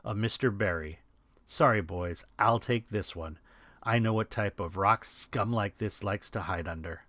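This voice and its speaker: A man voicing a gruff, wisecracking older army sergeant who talks bluntly and with authority. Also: fairly low pitch, a little slow, pushed and bright, dry recording. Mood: gruff commanding.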